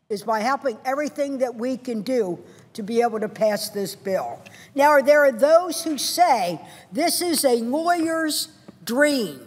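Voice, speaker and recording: A woman's voice: a little high, big pitch swings, measured pace, breathy edge. Impassioned woman giving a floor speech. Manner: impassioned, emphatic, building to repeated punchy phrases. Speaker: senator. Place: large legislative chamber. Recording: long reverb of a large chamber.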